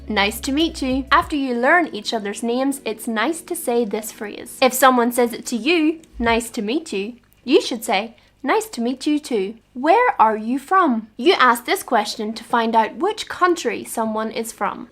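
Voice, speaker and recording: A woman narrating an English lesson in a clear, patient way, acting out short example dialogues. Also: a little high, animated, unhurried, few pauses. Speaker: English teacher. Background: soft background music.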